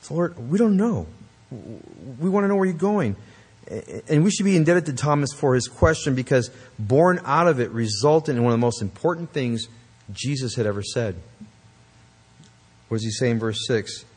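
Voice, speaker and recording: A man's voice: mid-range voice, animated, normal speed, husky. A man preaching a sermon, emphatic and earnest, with conversational asides to the congregation. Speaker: pastor.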